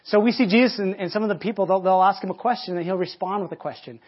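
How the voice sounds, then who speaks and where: Brief: male pastor, conversational storyteller, stumbles and restarts, husky tone, dull recording. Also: sits high, fast. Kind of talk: sermon.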